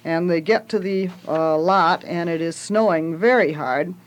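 A woman retelling a children's story in a relaxed way, with occasional fillers. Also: lowish voice, a little slow, lo-fi sound. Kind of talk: casual retelling of a children's book.

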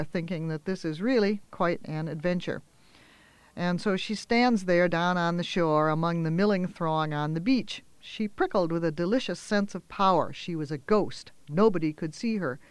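A man telling a children's story aloud in a gentle, expressive way, with small pauses and fillers. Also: high-pitched, smooth, dry recording.

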